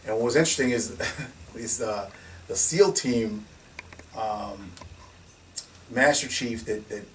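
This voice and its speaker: Animated man telling stories, far mic. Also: on the low side, slow. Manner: animated, laughing, restarts and acts out quotes. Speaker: security company founder, guest. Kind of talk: casual storytelling conversation. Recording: distant mic with faint noise.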